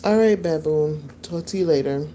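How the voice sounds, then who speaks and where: A woman's voice: sits low, moderate pace, warm tone, a little hiss or hum. A woman hosting a live-stream podcast, chatting loosely with her viewers and answering their comments. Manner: chatty, rambling, talks to viewers. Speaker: podcast host. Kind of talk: casual live-stream chat. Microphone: phone.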